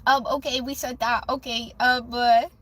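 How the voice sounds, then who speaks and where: A woman's voice: fairly high pitch, flat delivery, normal speed, a bit bright. A woman hosting a livestream, talking in a rambling, emotional way, restarting sentences and saying "flip" instead of swearing. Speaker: livestream host doing readings for viewers. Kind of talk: emotional casual livestream talk.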